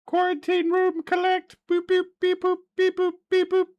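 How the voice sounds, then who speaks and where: A man voicing a small clunky robot automaton that chants beeps and boops in a monotone. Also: very high-pitched, normal speed, muffled recording, soft background music, voice pushed up. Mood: mechanical.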